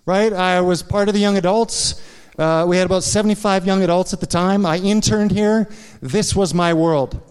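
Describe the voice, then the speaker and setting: A man delivers a confessional sermon from a church platform, his voice smooth and resonant and sitting a little high for a man. He keeps turning to the congregation with quick asides as he tells his story, and the long reverb of the sanctuary trails behind every phrase. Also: a little mellow. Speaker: pastor.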